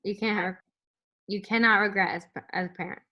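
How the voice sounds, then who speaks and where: A woman's voice: medium pitch, fairly even intonation, a little fast, muffled recording. Rambling woman on a video call. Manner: open, rambling, many filler words. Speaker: guest at an online moms' meet-up. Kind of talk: casual chat.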